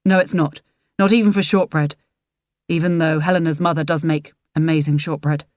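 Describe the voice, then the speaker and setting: A woman's voice: low-pitched, steady tone, normal speed, darkish tone, dry recording, clean studio sound, lightly acted. A woman voicing a guarded young man who speaks in a firm, clipped way.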